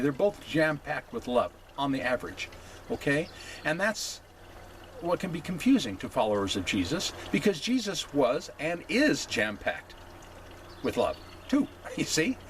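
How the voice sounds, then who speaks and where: A man hosts a casual, unscripted opinion talk in an ordinary middle-pitched voice. He speaks haltingly, with plenty of fillers and restarts, and he often stops to ask "okay?". A faint background hiss runs under his voice. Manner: halting, many fillers, keeps checking in with "okay?". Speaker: host.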